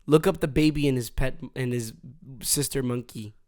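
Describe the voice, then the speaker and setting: A man's voice: medium pitch, moderate pace, a little mellow. Rambling storyteller guy on a podcast. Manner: rambling storyteller, laughs often. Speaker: podcast co-host. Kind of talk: casual chat.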